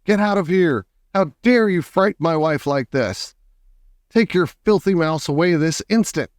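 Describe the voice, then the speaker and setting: A man reading aloud and voicing an angry, blustering father who shouts. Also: mid-range voice, moderate pace, clean tone, dry recording, clean studio sound, close to an everyday voice.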